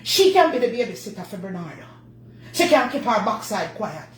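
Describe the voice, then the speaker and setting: A woman's voice: mid-range voice, big pitch swings, a little fast, lightly acted. A woman playing a bossy, dramatic character, Master Baker, in a comedy sketch. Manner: bossy, dramatic, fussing over a baby. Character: bossy middle-aged woman Master Baker, Jamaican patois. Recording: echoey room with faint noise.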